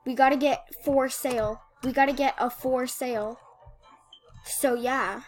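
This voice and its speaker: A woman giving casual commentary over gameplay, rambling and excitable, with lots of "like" and "um". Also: high voice, measured pace, faint music behind. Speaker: gaming video host.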